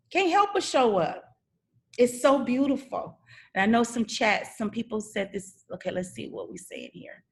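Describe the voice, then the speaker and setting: A middle-aged woman hosting a live coaching session, telling a candid, confessional story. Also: medium pitch. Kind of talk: live-stream coaching talk.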